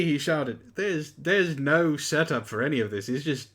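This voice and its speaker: A man's voice: on the high side, expressive, normal speed, fairly bright tone. A man reading a story aloud for laughs, with sarcastic asides between lines. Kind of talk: mocking comedic dramatic reading.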